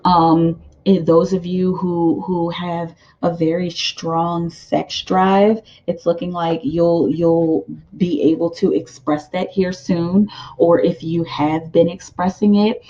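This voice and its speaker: A woman's voice: on the low side, slow pace. Give me a woman doing a chatty tarot reading with lots of fillers, on a dull lo-fi recording. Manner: rambling and animated, with many fillers and laughs. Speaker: tarot card reader. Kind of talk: casual pick-a-card tarot reading.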